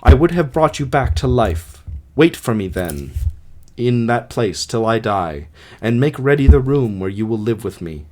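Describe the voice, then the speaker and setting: A man voicing a grieving king in his own middle-pitched voice, reading earnestly for an amateur audiobook. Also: big pitch swings, a little slow, darkish tone.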